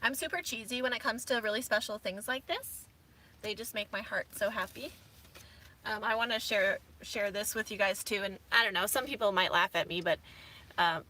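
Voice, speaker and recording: Bright-voiced chatty woman in her thirties. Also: medium pitch, moderate pace. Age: 30s. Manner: chatty and rambling, many fillers. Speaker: vlogger. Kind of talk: casual chat. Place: inside her camper van.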